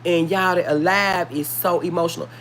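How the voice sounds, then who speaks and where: Speaking at a normal speed with fairly low pitch and fairly even intonation, this Memphis, Tennessee livestream host has a Memphis Southern accent and keeps calling her viewers y'all in casual chat. Her slightly bright voice carries an earnest, cautionary tone over slight background noise.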